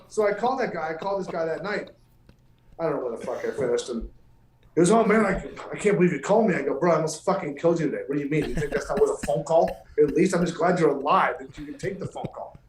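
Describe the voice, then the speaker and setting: A high-pitched man tells a story in loose, profane, animated podcast talk. His voice rings a little in a roomy space. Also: quick pace, a crowd in the background. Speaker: pro golfer guest. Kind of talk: casual podcast chat.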